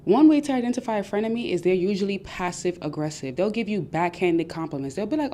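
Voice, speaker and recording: A young adult woman hosting a podcast, giving casual advice and acting out her friends' voices with lively energy. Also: medium pitch, fast, hardly any pauses, slight background noise. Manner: animated, acts out friends' voices. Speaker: podcast host.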